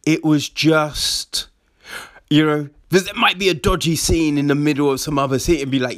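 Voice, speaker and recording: A man in casual chat, laughing often and swearing through animated rants. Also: a little high, normal speed, vocal fry.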